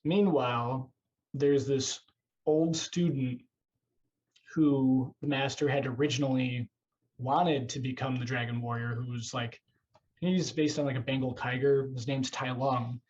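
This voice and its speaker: A man's voice: medium pitch, fairly even intonation, a little slow, darkish tone, muffled recording, slight background noise. A man hosting a casual podcast over a video call, rambling and self-deprecating, swearing now and then. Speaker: podcast host.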